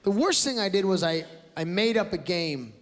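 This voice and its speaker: The high male voice belongs to a Canadian stand-up comedian, lively in intonation and moderate in pace. On a large theater stage before a live crowd, he tells brash, loud stories with acted-out outbursts. Laughter from the audience echoes through the roomy recording.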